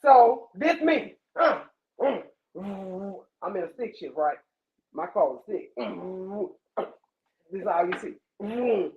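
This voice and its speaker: A woman from Louisiana hosting a podcast, telling a wild story in a profane, animated way and acting out the voices. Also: mid-range voice, slow. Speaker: podcast host. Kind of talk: casual storytelling chat. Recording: echoey dull lo-fi room.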